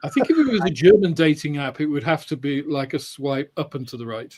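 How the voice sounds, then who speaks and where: A man's voice: a little high, lively intonation, brisk, a little mellow, a little hiss or hum. Man tossing off dry quips. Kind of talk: casual chat.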